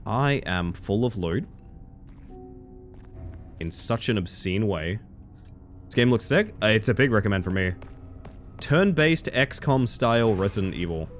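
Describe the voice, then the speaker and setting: Low-voiced guy streaming, chatting with chat, bouncy delivery, laughs a lot, faint music behind. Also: expressive, a little slow, long pauses. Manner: chatty, reads chat aloud, laughs often. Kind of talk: casual live-stream chat while gaming.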